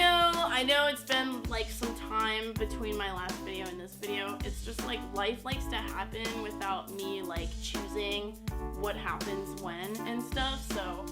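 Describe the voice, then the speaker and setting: A woman's voice: medium pitch, a little slow, over loud music. A young woman telling a personal story in a casual vlog, chatty and full of fillers. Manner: chatty, lots of "like" and "you know". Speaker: YouTuber.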